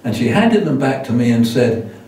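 A man's voice: medium pitch, sing-song, normal speed, a little mellow. An older man preaching as a guest, telling a self-deprecating story with many restarts. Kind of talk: sermon with anecdotes. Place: church hall. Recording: echoey church hall from far off.

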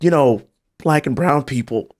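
A man's voice: medium pitch, measured pace. A man, a congressman, speaking emphatically on a political talk show and building to indignant peaks. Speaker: congressman guest.

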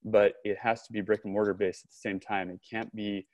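A man, a podcast guest and company co-founder, telling a long story in an animated conversational way, acting out remembered dialogue. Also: lowish voice, a little fast, no echo. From Southern California. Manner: animated storyteller, frequent restarts and quoted dialogue.

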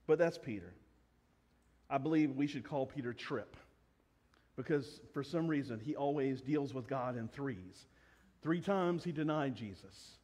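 A man preaching a sermon as pastor, lively, and acting out voices from the story. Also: mid-range voice, a little slow, husky. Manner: animated, acts out voices in the story. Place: church sanctuary. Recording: long reverb of a church hall.

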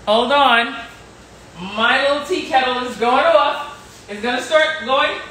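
A woman's voice: sits high, takes it slowly, fairly bright tone, slight background noise. Giggly woman live-streaming from an echoey kitchen. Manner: laughs often, playful, talks to viewers. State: sore neck. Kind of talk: casual live stream chat. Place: home kitchen. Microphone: phone.

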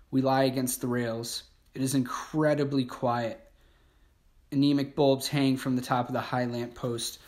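A man narrating an audiobook in a slow, measured way. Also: mid-range voice.

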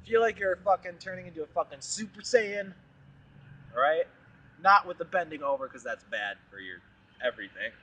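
A man's voice: a little high, expressive, moderate pace, bright, forceful tone, slightly rough, recorded from a distance. A young man giving a casual, profane lesson on screaming technique, breaking into demonstration screams. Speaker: vocal coach.

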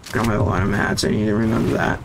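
A young man giving casual, excitable gameplay commentary, jumpy and slangy, with sudden yelps when startled. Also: fairly low pitch, very fast, gravelly, heavy background noise. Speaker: gaming YouTuber. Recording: game music and sound effects behind voice. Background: loud game music.

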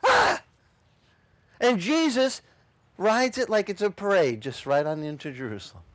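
Male pastor, lively preacher who performs the dialogue, dry close sound. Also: high-pitched, normal speed, no echo. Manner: animated, acts out voices and shouts in quotes. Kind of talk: lively sermon.

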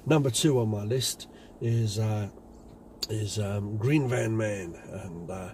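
A man's voice: lowish voice, takes it slowly, darkish tone, slight background noise. A man, a window cleaning business owner, telling anecdotes in a chatty casual vlog. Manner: chatty, anecdotal, many fillers.

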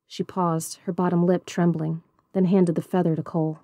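A woman reading a novel aloud in a measured, even storybook narration. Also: lowish voice, dry recording, studio quality. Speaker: audiobook reader.

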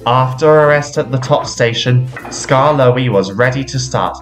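A man reading a children's railway storybook aloud in a slow, expressive storytelling manner. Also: medium pitch, faint music behind. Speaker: storybook reader. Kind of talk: storybook narration.

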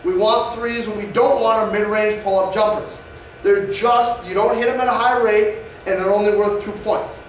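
A man's voice: high voice, steady tone, moderate pace, a little hiss or hum. A male basketball coach explaining offense plays in an instructional presentation, often checking in with "all right?". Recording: echoey distant room mic.

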